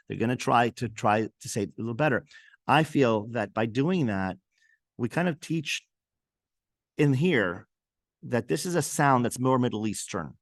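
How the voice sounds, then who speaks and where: A middle-aged man whose first language is French, hosting an interview with earnest, emphatic delivery. He often circles back and repeats himself as he builds a point. His voice sits at an average pitch and sounds dry and close to the mic. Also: no room sound. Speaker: cantor and host. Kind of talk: conversational interview.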